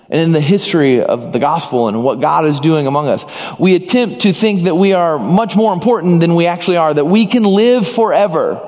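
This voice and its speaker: A man's voice: high voice, a little mellow, in a large hall. A man preaching a sermon as pastor, earnest, acting out short dialogues as he speaks.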